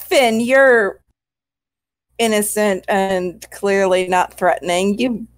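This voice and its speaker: A woman's voice: mid-range voice, fairly even intonation, slow pace, dry recording. A woman joking with friends as a player in a tabletop game. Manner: playful, teasing banter. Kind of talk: casual tabletop game chat.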